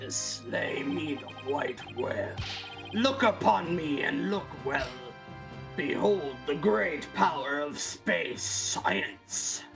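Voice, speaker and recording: A man voicing a grandiose old male space center director in an amateur game reading, declaiming slowly and pompously. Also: fairly high pitch, expressive, creaky, over music, pitched below the performer's own voice, heavily acted.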